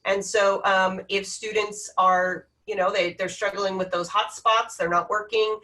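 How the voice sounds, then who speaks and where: A woman's voice: medium pitch, little pitch movement, measured pace, bright, forceful tone, distant mic. A woman presenting classroom tech tools in a webinar, talking with frequent hesitations. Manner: hesitant, many ums. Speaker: education technology presenter.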